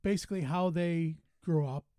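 A man co-hosting a casual podcast, telling stories with lively quoted voices. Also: fairly high pitch, normal speed, clean tone, dry recording, studio quality. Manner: animated storytelling, voices rising when quoting. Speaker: podcast co-host. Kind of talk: casual chat.

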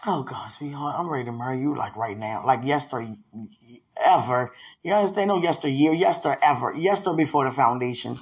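A woman in casual, heartfelt talk with her partner, emotional and prayerful, often soft and murmured, with easy laughs. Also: very deep voice, a little fast, slightly rough. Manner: laughs easily, playful.

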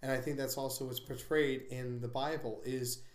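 A man's voice: medium pitch, steady tone, moderate pace. Rambling man in an echoey room. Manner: rambling, restarts, digresses. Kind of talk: casual discussion.

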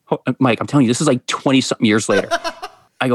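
A man's voice: medium pitch, fast, husky. A man in his forties telling a long funny story as a podcast guest, laughing often and stumbling over his words. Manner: lively, laughs often, repeats and restarts. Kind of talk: animated storytelling.

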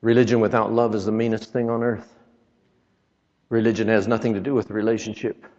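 Speaking fairly quickly in a level, slightly mellow voice of fairly low pitch, a traveling preacher gives a folksy church sermon. He quotes scripture and drops joking asides. The recording is reverberant and dull, with lo-fi sound.

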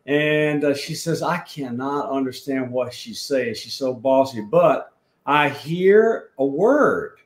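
A man's voice: mid-range voice, lively intonation. Southern man telling a story, roomy echo. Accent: South Alabama Southern. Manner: unhurried, rambling with restarts. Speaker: guest. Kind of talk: storytelling in a podcast chat.

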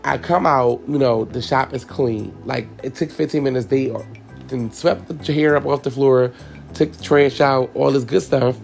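Candid male podcast host with a raspy, fry-heavy voice, talking casually and profanely to his listeners. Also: mid-range voice, steady tone, moderate pace, darkish tone, faint music behind. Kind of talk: casual personal storytelling.

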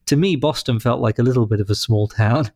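A man in his thirties with an English accent, answering interview questions in a thoughtful, articulate, measured way. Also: medium pitch, a little mellow, dry recording, clean studio sound. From London, England. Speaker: leader of a humanist congregation.

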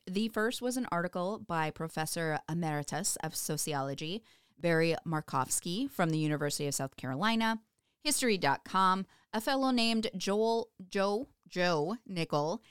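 Chatty woman podcaster, smooth voice. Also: on the low side, a bit bright, no room sound, studio quality. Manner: chatty, laughing, filler-heavy. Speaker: podcast co-host. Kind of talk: casual chat.

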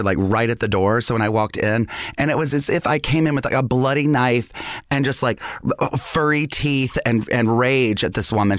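Chatty host with dry close sound. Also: male voice, mid-range voice, no room sound. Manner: rambling, animated, quick to laugh. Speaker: podcast host. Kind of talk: casual chat. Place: studio with guests.

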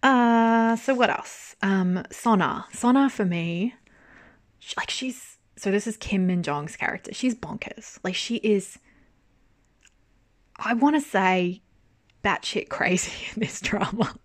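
A woman's voice: mid-range voice, slow pace, no room sound. Chatty woman, dry close sound. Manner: chatty, animated, swears casually, laughs often. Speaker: drama reviewer. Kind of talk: casual chat.

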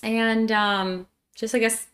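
A young woman from Pennsylvania, a guest telling a story in a casual interview, animated and quick to laugh, acting out what people said. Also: fairly high pitch. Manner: animated, acts out dialogue, laughs often.

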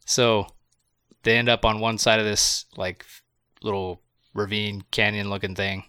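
Crisp bright-voiced man, laughing recap. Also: on the low side, little pitch movement, measured pace, dry recording, clean studio sound. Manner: laughs often, swears, recaps plot loosely. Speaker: podcast co-host. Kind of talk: casual movie review chat.

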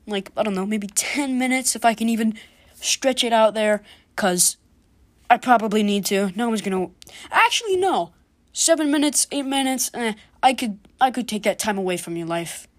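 A woman's voice: mid-range voice, dry recording. Sarcastic, profane woman joking alone. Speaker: podcast host. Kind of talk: casual comedic monologue.

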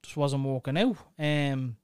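A man's voice: mid-range voice, a little slow, darkish tone, clear, resonant tone, no room sound, studio quality. A young man hosting a casual chat, blunt and crude in his banter. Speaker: podcast host.

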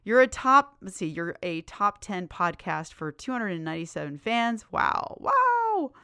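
A middle-aged woman hosts her own podcast with bubbly, chatty enthusiasm. Her voice is smooth and clear, with a mid-range pitch. She is recorded up close on a dry mic with no room sound. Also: sharp tone, dry recording. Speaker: podcast host. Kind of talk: casual solo podcast chat.

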